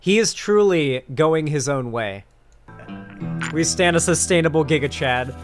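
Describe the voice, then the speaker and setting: A young man riffs over a video in loose, crude, excitable commentary, his voice sitting a little high for a man. Steady background music runs beneath him the whole time. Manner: excitable, joking, crude, quick asides. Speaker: commentary streamer reacting to a video. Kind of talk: casual reaction commentary.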